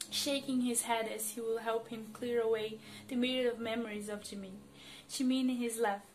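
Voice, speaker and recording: A woman reads a romantic story aloud with expressive, emotional narration. Her voice sits slightly high. Soft music plays steadily behind her. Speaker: fan fiction reader. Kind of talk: dramatic story reading.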